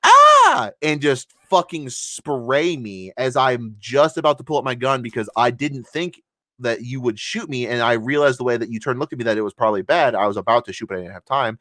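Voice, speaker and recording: A man in casual podcast chat, retelling a game gone wrong with heated, profane energy. His voice sits at an ordinary pitch. The sound is dry, with no room around it. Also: fairly quick, a bit bright, no echo. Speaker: podcast co-host.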